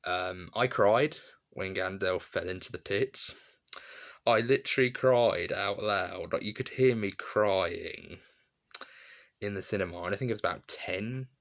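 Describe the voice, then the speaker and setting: A man's voice: deep voice, unhurried, vocal fry, a bit bright. A young adult man, giving a casual spoken film review, enthusiastic and rambling, with frequent restarts and laughs.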